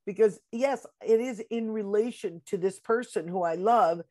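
Woman guest, upstate new york accent, earnest, emphatic, middle pitch. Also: moderate pace, dark tone. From Syracuse, New York, USA. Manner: earnest, emphatic, repeats key words. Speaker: guest, Broadway musician and composer. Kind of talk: casual interview chat.

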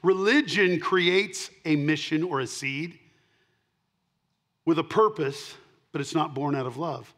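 A middle-aged pastor preaches to his congregation in a voice a bit higher than most men's. He alternates loud, punchy declarations with quiet, low asides and repeats key lines for emphasis. His delivery is emphatic and measured, with long pauses.

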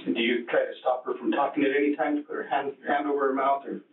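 A male police detective asking brisk, probing questions, with hesitant fillers. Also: mid-range voice, steady tone. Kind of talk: interrogation questioning. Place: police interrogation room. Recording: echoey, distant, tinny archive recording.

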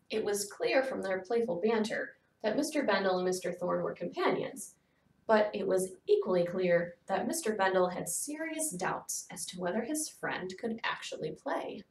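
A woman narrating a children's novel aloud, in steady storytelling that softens to near whispers. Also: mid-range voice, normal speed. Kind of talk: children's book read-aloud. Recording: echoey room, distant mic.

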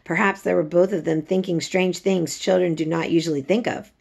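A woman reading a novel aloud in a measured storytelling manner. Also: low voice, fairly even intonation, vocal fry, darkish tone. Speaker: reader.

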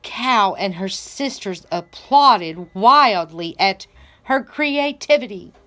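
A woman, a library director, reading a children's story aloud in a slow, deliberate storytelling manner. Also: medium pitch, lively intonation, background noise.

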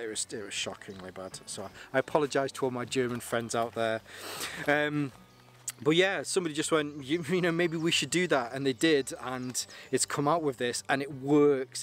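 A man talks through a piece of gear in a loose, rambling way, stumbling over repeated words as he goes. His voice sits at an ordinary middle pitch. He is recording outdoors with light background noise. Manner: chatty, rambling, repeats words when restarting. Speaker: gear reviewer and brand ambassador. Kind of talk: casual product review to camera.

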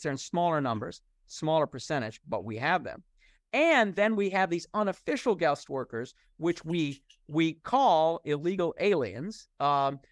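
High-voiced man, dry and close. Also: no echo. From United States. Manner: thoughtful, many restarts and fillers. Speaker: interview guest, professor. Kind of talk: conversational interview.

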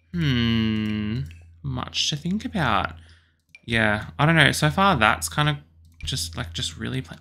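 A young Australian man chatting casually and excitedly as he builds a house in a video game, with lots of apologetic asides. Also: mid-range voice, gravelly. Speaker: YouTuber building houses in a life-sim game. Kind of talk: casual gameplay commentary.

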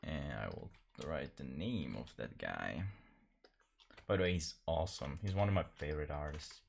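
A man's voice: extremely low pitch, animated, moderate pace, vocal fry. A man chatting casually while painting on a live stream, rambling and self-deprecating, laughing often.

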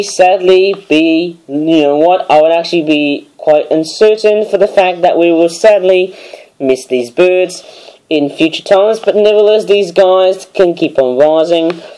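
A hoarse man with an Australian accent, rambling through a casual product review vlog and often correcting himself. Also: on the high side, warm tone, low-quality recording. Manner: rambling, hesitant, self-correcting. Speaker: toy reviewer.

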